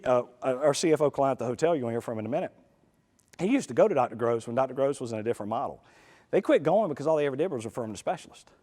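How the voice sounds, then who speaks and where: Animated man in a conference hall. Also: medium pitch. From United States. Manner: animated, folksy, rapid asides to the audience. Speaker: conference speaker. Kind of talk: live conference talk. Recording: reverberant hall.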